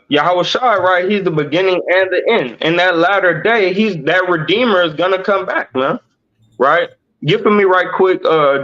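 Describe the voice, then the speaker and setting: A man leading a Bible study livestream, explaining slowly and checking in with "right?" after nearly every point. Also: on the high side, fairly bright tone, lo-fi sound. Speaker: teacher.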